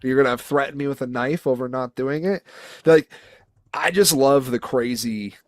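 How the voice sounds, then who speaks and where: A man's voice: mid-range voice, normal speed, no echo, studio quality. A young man co-hosting a sports talk show, reading odd news stories aloud and riffing on them with jokes and swearing. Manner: profane, joking storyteller reading headlines aloud. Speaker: podcast co-host. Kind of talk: casual chat.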